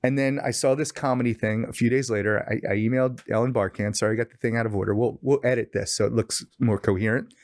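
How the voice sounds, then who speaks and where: A man's voice: mid-range voice, fast, hardly any pauses, no room sound. A middle-aged man as a podcast guest, telling a story in casual chat and acting out quoted lines in a raised voice. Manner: animated storyteller, acts out quoted dialogue with raised voice.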